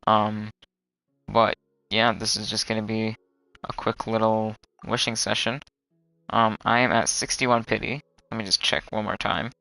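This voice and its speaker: A young man streaming a game live, chatting casually and groaning loudly when his luck turns bad. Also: on the low side, flat delivery, a little slow, gravelly, dry recording, rough recording.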